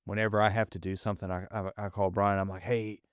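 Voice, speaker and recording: A podcast host with a faint Southern accent talks in an easygoing, anecdotal way. His voice is low and smooth, and the recording is dry and close. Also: level tone, fast talker, no room sound. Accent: faint Southern American. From Southern United States. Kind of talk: casual podcast conversation.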